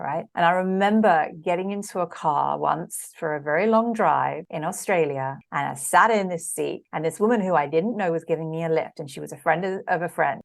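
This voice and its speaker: A woman with a slightly low voice speaks as a coach in a relaxed podcast conversation. She is earnest and emphatic and hammers her points home by repeating words. Her delivery stays conversational and direct. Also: vocal fry. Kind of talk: casual podcast interview.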